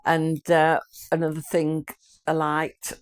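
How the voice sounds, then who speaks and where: An older woman with a slightly low voice chats casually to her viewers. She rambles from memory to memory and laughs often. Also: completely flat delivery, takes it slowly, smooth. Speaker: vlogger, channel host. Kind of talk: casual chat.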